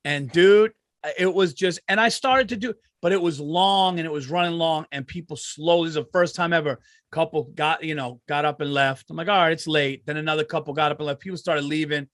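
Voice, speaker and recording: A man with a notably high voice hosts a podcast in easygoing chat. He tells stories with animation and swears freely. The sound is dry and close, with no room at all. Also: fairly even intonation, fairly quick, fairly bright tone, no echo. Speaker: podcast host. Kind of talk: casual chat.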